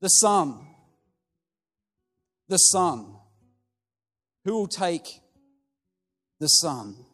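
A man's voice: sits high, big pitch swings, exaggerated voice. A man doing a persistent auctioneer. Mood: insistent. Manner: insistent, measured. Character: persistent male auctioneer, calm, insistent. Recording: long hall reverb with soft music.

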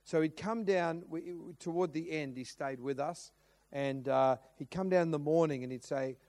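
A man's voice: on the high side, moderate pace. Aussie pastor guy preaching, tells stories, acts out the quotes, lots of restarts. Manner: animated storytelling with many restarts and acted quotes. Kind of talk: sermon storytelling.

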